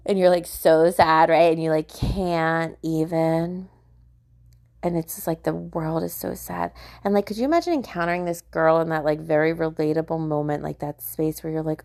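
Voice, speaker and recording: Chatty young woman podcaster, lowish voice. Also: fairly even intonation, moderate pace, darkish tone, smooth. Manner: chatty, filler-heavy, swearing, laughing often. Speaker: podcast host. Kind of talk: casual self-help podcast monologue.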